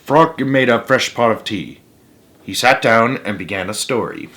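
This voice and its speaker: A man's voice: medium pitch, moderate pace. A man reading a children's picture book aloud, adding playful asides. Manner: animated, with asides to listeners. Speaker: storybook reader.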